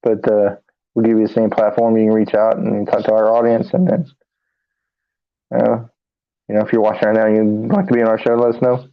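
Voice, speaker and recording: A man co-hosting a live paranormal talk stream, speaking in a halting, tired monotone with many fillers and restarts. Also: fairly low pitch, no echo. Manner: monotone, tired from little sleep. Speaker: paranormal investigator and show co-host. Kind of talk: casual live-stream chat. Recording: dry, dull lo-fi stream audio.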